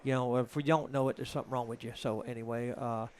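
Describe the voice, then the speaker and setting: This Georgia man with a Southern US accent talks fast in a mid-range voice with fairly even intonation, crowd noise behind him. He's commentating on a live pool stream, rambling and joking in casual chat.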